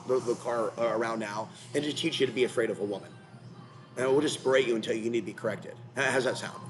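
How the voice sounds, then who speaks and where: Ranting on his own channel, seemingly while in a car, a man speaks quickly at medium pitch over background music in a low-quality recording. The rambling commentary is agitated, confrontational and keeps circling back on itself.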